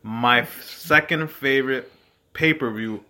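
A man co-hosting a casual podcast, talking in a chatty, excited way while drinking shots. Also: mid-range voice, unhurried. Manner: excited, chatty wrestling fan talk. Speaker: podcast co-host. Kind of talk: casual chat.

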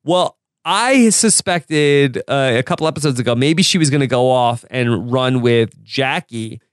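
Smooth-voiced man chatting casually. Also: medium pitch, lively intonation, unhurried, dry recording, studio quality. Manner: chatty, laughs often. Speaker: podcast host. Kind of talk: casual TV recap chat.

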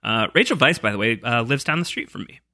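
Lively podcast host guy, very bright tone, dead dry sound. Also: mid-range voice, no room sound. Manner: animated, quick, many fillers. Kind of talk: casual podcast chat.

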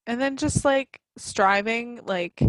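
A woman's voice: fairly high pitch, takes it slowly, fairly bright tone, no echo. A woman in her thirties in casual chat, a mother talking loosely with lots of "like" fillers. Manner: chatty, many fillers of "like".

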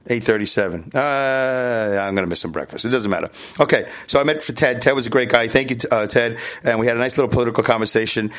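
A man's voice: medium pitch, quick pace, hardly any pauses, fairly bright tone. A middle-aged man from Brooklyn, hosting a podcast alone in a loose, candid ramble, chuckling and correcting himself as he goes. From New York City, Brooklyn. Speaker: podcast host. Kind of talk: casual solo podcast monologue.

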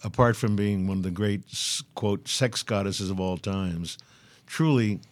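An older man telling stories as a guest, measured and earnest. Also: on the low side, dry recording. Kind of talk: reflective storytelling.

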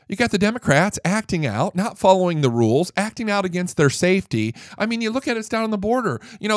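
A man's voice: high-pitched, lively intonation, quick pace, few pauses, a bit bright, dry recording, clean studio sound. A man hosting a political commentary show, ranting emphatically and repeating his points for effect. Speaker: host.

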